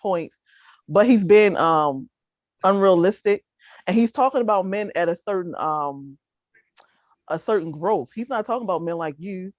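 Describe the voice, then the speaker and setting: A woman's voice: on the low side, lively intonation, moderate pace, no room sound. A woman co-hosting a casual panel debate over a video call, blunt and dismissive, talking in loose slang. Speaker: talk show co-host. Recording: dull lo-fi video call audio.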